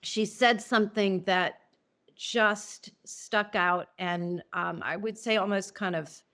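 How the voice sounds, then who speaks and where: A middle-aged woman, an interview guest telling a personal story, earnest and emotional, halting and restarting often. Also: medium pitch, steady tone, a bit bright. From New Orleans.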